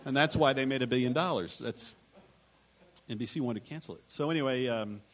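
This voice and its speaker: A man's voice: medium pitch, a little fast, fairly bright tone. A man on a live writers' panel, telling anecdotes in a rambling, self-interrupting way and acting out quotes.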